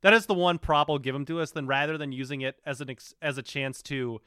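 Bright, crisp-voiced man chatting casually. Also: fairly high pitch, fairly even intonation, fast talker, no echo, studio quality. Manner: loose, laughing, swears freely. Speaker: podcast co-host. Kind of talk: casual chat reviewing a show.

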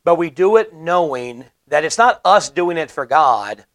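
Speaking a little slowly and expressively, a male preacher whose voice sits somewhat high and a bit bright delivers an earnest sermon. He lays out scripture in plain terms, repeating points emphatically to make them stick.

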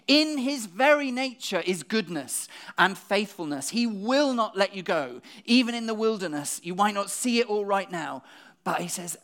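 A preacher talks to the congregation in a brisk, conversational sermon. The voice sits mid-range and keeps throwing out rhetorical questions. Words often come twice as thoughts restart. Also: mid-range voice, a bit bright. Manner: repeats words when restarting.

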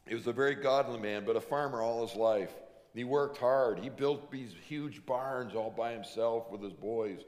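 A male pastor giving a sermon, emphatic, slowing down to drive home each point. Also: mid-range voice, darkish tone, big-room sound. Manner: emphatic preaching, slows down to stress points.

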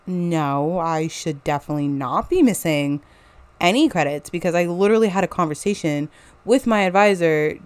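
A young woman in her twenties, a college student, telling a story casually with lots of fillers and animated retellings. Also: fairly low pitch, normal speed, clean tone, no echo. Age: 20s.

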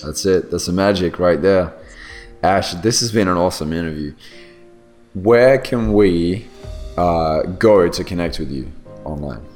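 Deep-voiced man hosting. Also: measured pace, darkish tone, faint music behind. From Australia. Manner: enthusiastic, hesitant restarts. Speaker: podcast host. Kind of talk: casual interview chat.

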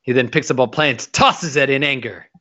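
A man co-hosting a podcast, recapping an episode in casual chat, rambling and dropping into quick impressions. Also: medium pitch, pushed and bright. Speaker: podcast co-host. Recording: dull lo-fi audio.

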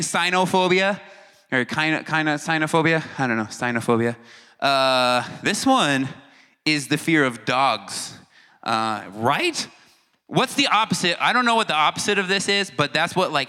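A man's voice: on the high side, animated, moderate pace, sharp tone, clean tone. A man giving a casual, joking talk to a teen audience, acting out reactions and stumbling over long words. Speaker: youth speaker. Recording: hall reverb.

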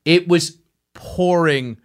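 A man telling a story in casual chat, animated and profane, acting out what people said. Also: a little high, slow pace. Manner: animated, profane, acts out quotes.

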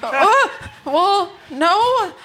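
A woman's voice: very high voice, big pitch swings, very slow, very noisy, pitched above the performer's own voice, heavily acted. A woman reading a mousy, klutzy assistant producer in her mid-twenties, hesitant and flustered, in a comedy table read.

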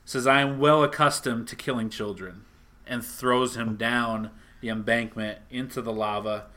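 Bright-voiced man retelling a comic story. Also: mid-range voice, normal speed. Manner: animated storyteller, acts out lines.

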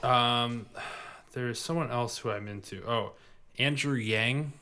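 A man's voice: mid-range voice, slow, noisy background. A man with a Midwestern accent chatting casually, hesitant and full of ums. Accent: Midwestern American. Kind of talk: casual chat.

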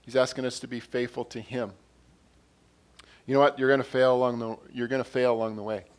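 A man preaches with earnest conviction, echoing his own phrases and rising in volume for quotes and scripture. The pitch is medium, the tone level, and the delivery fairly quick.

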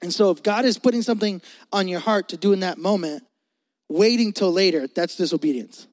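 A young Puerto Rican man preaching as pastor, loud and joking with the congregation. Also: high-pitched. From Puerto Rico. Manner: loud, joking, talks fast to the crowd. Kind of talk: energetic youth sermon.

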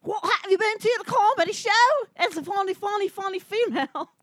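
High, giggly mock-Scottish lady, as a woman hams it up, clumsy accent, dry close sound. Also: fairly quick, no echo. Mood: giddy. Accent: put-on Scottish. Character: loud, giggly Scottish woman doing comedy.

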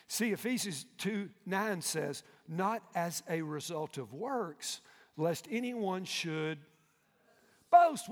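A male pastor with a very high voice delivers a sermon. It swings between quiet, intimate asides and loud shouts, and he keeps calling out to the congregation. His voice rings with a long reverb in a large church hall. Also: lively intonation, moderate pace. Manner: fervent preaching that swings from hushed to shouting, with call-and-response.

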